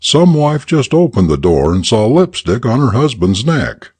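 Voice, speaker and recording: A man's voice: mid-range voice, sing-song, unhurried, darkish tone, slightly rough, no room sound, pitched above the performer's own voice. A man playing a cynical older newspaper reporter who brushes others off curtly. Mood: dismissive. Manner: curt, dismissive.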